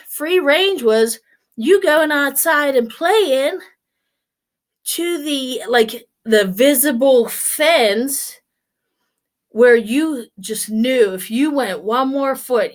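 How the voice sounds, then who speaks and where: A woman in her forties talking casually to camera, blunt and swearing freely as she tells stories. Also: sits high. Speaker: vlogger.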